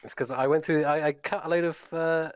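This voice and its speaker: A man's voice: a little high, fairly even intonation, fairly quick, clean tone, no room sound. A man chatting casually as a regular player, mild-mannered and thinking aloud through his moves. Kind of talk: casual gaming chat.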